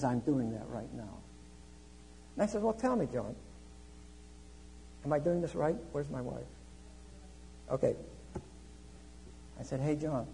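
A man preaching a sermon, telling a travel story with lively swings between quiet asides and loud exclamations. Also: fairly high pitch, a little hiss or hum, low-quality recording. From United States.

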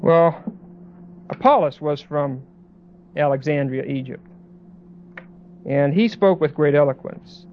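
A man preaching a Bible sermon in a conversational way, with many pauses and restarts, as a pastor. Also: a little high, lo-fi sound, a little hiss or hum.

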